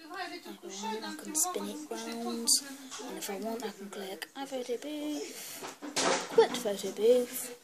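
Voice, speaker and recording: A woman casually talking through a screen-recorded tutorial on a built-in computer mic. She clowns around and mutters to herself as she clicks. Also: fairly high pitch. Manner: goofy, clowning, muttering asides while clicking. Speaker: vlogger.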